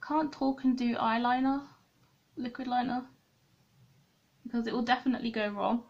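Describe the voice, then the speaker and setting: A woman's voice: a little high, fairly even intonation, moderate pace, darkish tone, lo-fi sound. A young woman chatting to viewers while she does her makeup at a desk at home, rambling and poking fun at herself. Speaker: beauty vlogger. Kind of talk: chatty get-ready-with-me vlog. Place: room at home, at a desk with a mirror.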